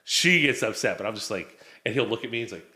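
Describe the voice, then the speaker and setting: A man's voice: fairly low pitch, animated, quick pace, bright, forceful tone, echoey room. A man in his forties chatting casually as a guest, telling rambling family stories and acting out the quotes. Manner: rambling storyteller, acts out quotes. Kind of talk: casual chat.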